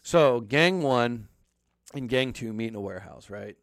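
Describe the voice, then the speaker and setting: A man's voice: medium pitch, measured pace, dry recording. A man telling a movie story in a loose, profane way, jumping in and out of the characters' lines. His voice sounds dry and close, with no room around it. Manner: profane, animated storytelling with acted-out quotes. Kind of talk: casual movie recap chat.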